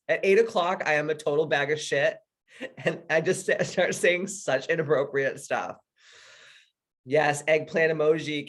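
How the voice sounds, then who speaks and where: A woman hosting a video call workshop, swearing freely and laughing through casual stories. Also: sits low. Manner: profane, laughing storyteller. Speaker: workshop host. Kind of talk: casual chat.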